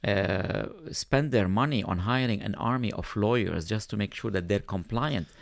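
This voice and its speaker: A man speaking as a podcast guest, explaining at length in a thoughtful way and pausing on fillers. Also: on the low side, creaky, no room sound, studio quality. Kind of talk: conversational explaining.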